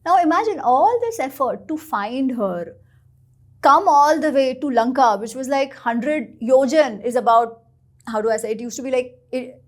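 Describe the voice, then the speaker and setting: A woman, a guest author, telling stories in an animated and expressive way during an interview. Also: high-pitched, normal speed. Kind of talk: storytelling in a podcast interview.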